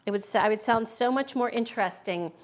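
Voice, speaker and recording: Chatty American woman, middle-aged, slightly high voice, hosts a cooking stream from her kitchen and chats with viewers while she works. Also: fairly quick. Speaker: cooking channel host. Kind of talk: casual cooking livestream chat. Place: home kitchen.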